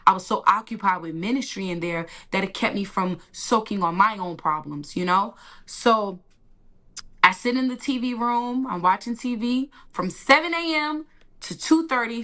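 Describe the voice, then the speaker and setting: A woman giving an emotional personal testimony in an interview, animated and colloquial, acting out the lines she quotes. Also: on the low side. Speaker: interview guest.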